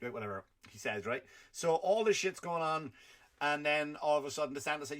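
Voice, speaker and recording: A man delivers a rambling comedy rant on his podcast. His voice is bright and forceful, and he swears freely while his loudness jumps around. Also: fairly high pitch, fairly quick.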